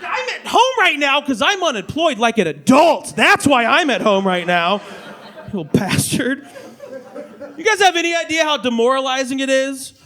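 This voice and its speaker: A man in his thirties doing a stand-up comedy set on a club stage, animated and slipping into mock voices. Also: very high voice, normal speed. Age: 30s. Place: comedy club stage before a live audience. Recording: live club audience faintly heard. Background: audience laughter.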